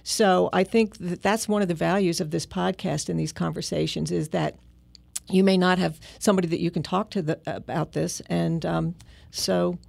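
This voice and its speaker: A podcast co-host in their sixties, talking earnestly in a halting way with frequent ums. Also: mid-range voice, steady tone, vocal fry, a little mellow, no room sound. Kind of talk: casual podcast chat.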